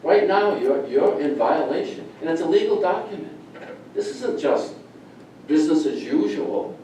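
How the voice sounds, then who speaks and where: A man's voice: on the high side, animated, moderate pace, warm tone, slight background noise. A middle-aged man speaking during public comment at a town meeting, angry and emphatic, repeating his points. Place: town hall meeting room. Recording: echoey meeting room from far off.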